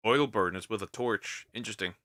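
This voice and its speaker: A male streamer reacting to videos, excitable and profane, often stammering. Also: on the low side, a little fast, no echo, studio quality. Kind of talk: reaction commentary.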